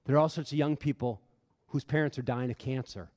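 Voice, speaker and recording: A man's voice: mid-range voice, brisk, darkish tone. A middle-aged man giving an impassioned talk to an audience as a humanist chaplain, an earnest storyteller who repeats phrases for emphasis. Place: large hall before an audience. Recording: long hall reverb.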